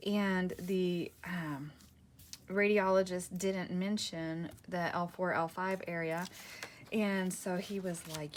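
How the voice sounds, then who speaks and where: A woman's voice: on the low side, fairly even intonation, takes it slowly, slight background noise. A woman crafting at her table and chatting casually to her viewers, rambling, cutting herself off and laughing often. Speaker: crafting vlogger. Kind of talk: casual chat while crafting.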